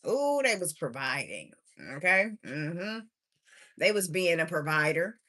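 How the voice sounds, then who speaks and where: Tired woman tarot reader on a live stream, sing-song and chatty, bright-toned voice. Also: lowish voice, sing-song, unhurried. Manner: chatty, drawling, sing-song refrains, laughs to herself. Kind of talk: casual livestream tarot reading.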